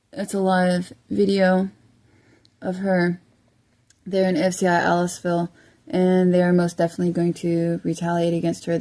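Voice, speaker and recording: A woman's voice: fairly low pitch, mellow. A woman commenting on a shared video, earnest and urgent as she calls on listeners to help. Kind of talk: casual commentary.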